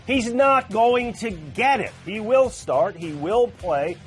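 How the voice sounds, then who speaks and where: A man co-hosting a sports talk show, giving loose, joking football predictions with quick asides. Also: high voice, animated, soft background music. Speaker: football analyst.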